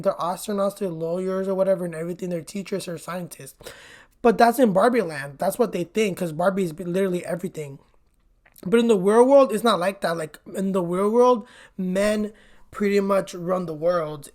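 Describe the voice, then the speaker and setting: A woman's voice: on the low side, moderate pace, a little mellow. A woman vlogger giving a casual movie recap in a chatty, blunt way, swearing freely and peppering her talk with "like". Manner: chatty and blunt, swears often, says "like" a lot.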